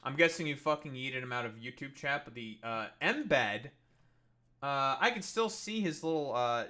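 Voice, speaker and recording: A man's voice: mid-range voice, sharp tone. A man streaming live, ranting in a profane, combative and dismissive way, rambling with many fillers. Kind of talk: casual livestream rant.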